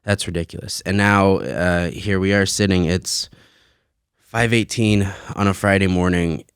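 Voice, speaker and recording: Deep-voiced, cursing podcast guy. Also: measured pace, clear, resonant tone, no echo, studio quality. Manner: rambling, profane and laughing. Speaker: podcast host. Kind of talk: casual solo podcast chat. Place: home basement.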